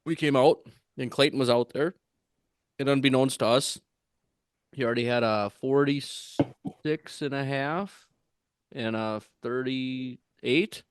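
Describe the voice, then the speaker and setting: A man telling a rambling fishing-tournament story on a podcast, with lots of fillers and restarts, getting animated when he acts out what others said. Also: mid-range voice, slow, long pauses, clean tone, no room sound, clean studio sound. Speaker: tournament angler guest.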